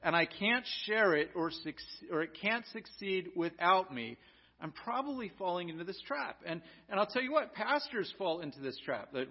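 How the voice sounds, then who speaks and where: An American pastor preaches a sermon earnestly, posing rhetorical questions and frequently restarting his sentences. His voice is high and sing-song, moving at a moderate pace. The recording sounds dull and lo-fi.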